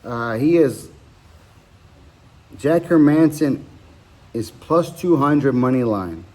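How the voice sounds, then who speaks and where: A man hosts his own podcast and talks through betting picks alone in a loose, casual way. He rambles, stops to correct himself and fills the gaps with ums and uhs. His voice sits at a middle pitch for a man. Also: lively intonation, slow pace, a little mellow. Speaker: podcast host giving fight picks. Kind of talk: casual solo betting breakdown.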